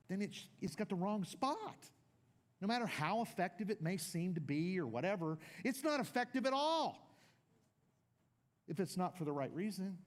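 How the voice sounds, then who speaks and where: Animated older male pastor preaching. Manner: animated, shifting between loud declarations and low asides. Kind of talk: sermon.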